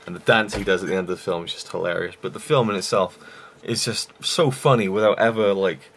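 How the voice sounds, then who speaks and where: A man's voice: deep voice, a little fast, fairly bright tone, a little hiss or hum. A young man reviewing a film in a rambling, enthusiastic way with many fillers. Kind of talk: casual vlog review.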